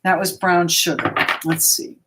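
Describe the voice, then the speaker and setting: A woman's voice: lowish voice, little pitch movement, a little slow, very noisy. A woman hosting a live tarot reading, chatting with viewers and reassuring them as she thinks aloud between cards. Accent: American. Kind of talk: live-stream card reading, answering viewers.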